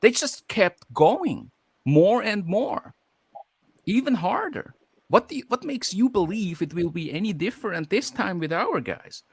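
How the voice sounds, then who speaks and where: A man's voice: high-pitched, very animated, unhurried, breathy edge, no echo. A man co-hosting a live stream, delivering an aggressive, taunting, profane rant.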